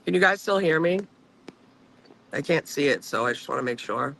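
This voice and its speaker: A man's voice: fairly high pitch, animated, normal speed, vocal fry, fairly bright tone, poor audio. A man chatting casually to his stream viewers from his car on a phone. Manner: chatty, rambling, swears. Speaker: livestream host. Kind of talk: casual chat while driving.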